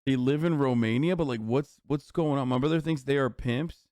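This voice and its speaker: Man, streamer, casual reaction commentary, profane, mocking, crisp voice, dry sound. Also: mid-range voice, moderate pace, darkish tone, no room sound. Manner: loose, profane, mocking, incredulous.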